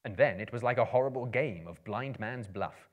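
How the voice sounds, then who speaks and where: A man giving a theatrical storybook reading to a live audience, swelling and hushing for suspense. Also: mid-range voice, moderate pace, phone-quality sound. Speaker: performer of dramatic readings. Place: live performance venue.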